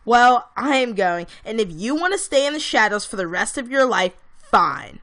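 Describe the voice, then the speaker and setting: A woman's voice: fairly high pitch, animated, normal speed, a bit bright. A woman voicing a bold, brash teenage princess who speaks with authority and menace. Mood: defiant.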